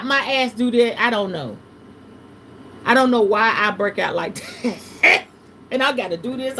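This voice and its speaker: At a normal speed, an animated woman hosts a tarot livestream, delivering her reading in the style of a casual sermon. Her pitch jumps between hushed lows and loud highs, she swears saltily, and a faint hiss runs underneath.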